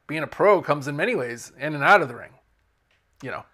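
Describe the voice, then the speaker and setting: A man putting on a rough British accent to voice a male wrestling mentor who offers calm guidance in a loud, measured, paternal way. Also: on the high side. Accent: attempted British.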